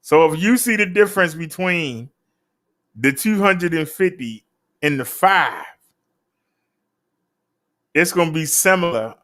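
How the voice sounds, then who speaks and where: A man's voice: a little high, a bit bright. Easygoing man chatting with viewers. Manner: laid-back, chatty, talks straight to viewers. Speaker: live-stream host reviewing e-bikes. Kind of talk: casual live-stream chat.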